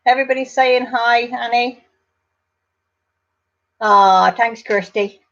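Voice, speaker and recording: A woman with a fairly high voice chatting away on a live stream, reading out viewer comments and calling them affectionate names. Her talk rambles and she breaks off into asides to the viewers. The audio is dull and lo-fi, like a home webcam mic. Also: slow, a bit bright.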